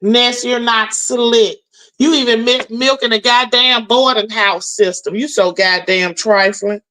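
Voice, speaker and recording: A woman's voice: fairly high pitch, fairly even intonation, unhurried, a bit bright, rough recording. Brash, profane woman ranting on stream. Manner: brash, profane, mocking call-outs. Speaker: livestream host. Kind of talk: ranting live stream commentary.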